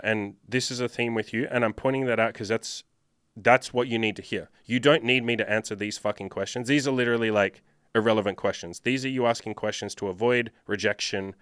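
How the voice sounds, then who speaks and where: A man's voice: medium pitch, a bit bright, no echo, clean studio sound. A man working as a dating coach, answering viewer questions in a blunt, profane, lecturing monologue.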